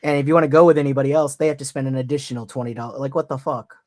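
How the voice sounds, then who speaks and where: A man on a casual podcast, talking bluntly with a sarcastic edge and plenty of swearing. His pitch is ordinary and the recording is dry. He sounds like he is on a remote call mic. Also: fairly even intonation, rapid-fire, a little mellow, dry recording. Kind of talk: casual chat.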